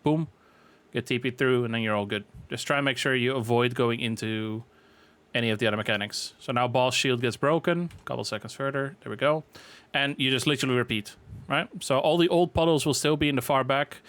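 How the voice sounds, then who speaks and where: A man's voice: mid-range voice, clean tone, no room sound. A man casually walking through a raid boss fight as a game guide, explaining at an easy pace with frequent fillers. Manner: relaxed, filler-heavy explaining.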